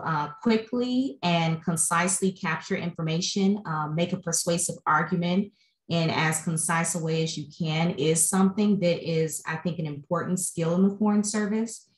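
A woman panelist on a video call who works as an economic officer, answering in a measured, concise way. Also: fairly low pitch, roomy sound, rough recording.

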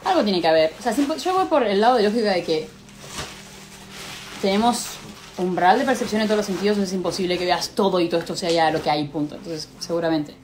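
A woman's voice: medium pitch, rapid-fire, a little mellow, slight background noise. A young woman live-streaming, casually chatting and swearing as she answers viewer questions, switching between Spanish and English.

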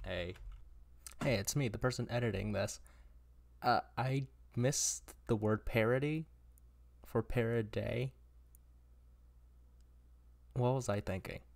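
Slow, musing male let's player. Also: fairly low pitch, gravelly. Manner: slow, musing, occasional stammers. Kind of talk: casual let's play commentary, reading game text aloud.

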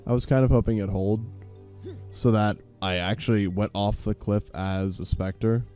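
A man hosting a profane let's play commentary, sarcastic and swearing constantly, bursting into yells. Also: lowish voice, fairly even intonation, normal speed, soft background music. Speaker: gaming channel host.

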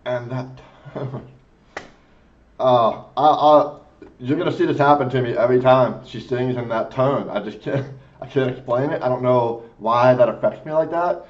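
A man's voice: mid-range voice, normal speed, muffled recording. A man hosting a music reaction video, gushing and emotionally moved as he comments. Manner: gushing, effusive, exclaims often.

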